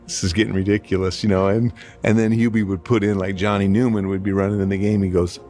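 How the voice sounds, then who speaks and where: A man tells stories from his playing days in a loose, conversational way. His voice is very deep, with faint music behind it. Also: level tone, fast talker, few pauses, dark tone. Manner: easygoing, lots of "like". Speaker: former basketball player on a podcast. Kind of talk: conversational storytelling.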